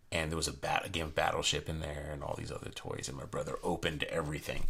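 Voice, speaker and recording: A man's voice: rumbling low, flat delivery, quick pace, gravelly, few pauses, bright, forceful tone, slightly rough. A man casually reviewing playing cards, rambling and chatty, with lots of fillers and asides.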